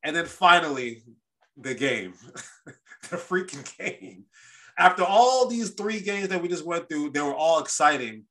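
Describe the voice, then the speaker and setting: Animated, bright-voiced sports podcast host. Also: male voice, fairly high pitch, a little slow. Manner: animated, rambling storyteller with restarts. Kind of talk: casual sports chat.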